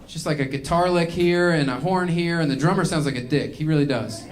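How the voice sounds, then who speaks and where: Male stand-up comic, slightly high voice, mock-angry ranting on stage. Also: fairly quick. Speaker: stand-up comedian. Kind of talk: stand-up comedy set.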